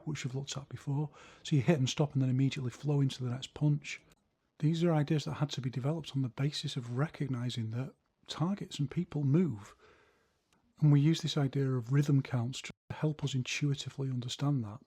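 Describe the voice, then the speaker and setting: Male instructor, husky, explanatory tone, counting through drills. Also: mid-range voice, dark tone. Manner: explanatory, counts punches aloud while demonstrating. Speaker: martial arts instructor. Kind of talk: demonstrating martial arts drills.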